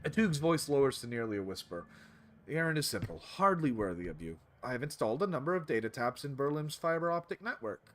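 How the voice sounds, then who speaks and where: A man playing a smooth, flattering shopkeeper. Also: medium pitch, fast, natural voice. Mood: hushed. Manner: courteous, flattering, overly polite. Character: smooth, scheming middle-aged male coffee shop owner.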